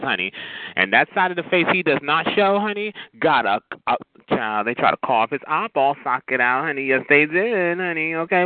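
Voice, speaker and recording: A man delivering a heated, sassy on-air rant, cutting and mocking, calling people honey. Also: mid-range voice. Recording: tinny phone-like audio with loud noise.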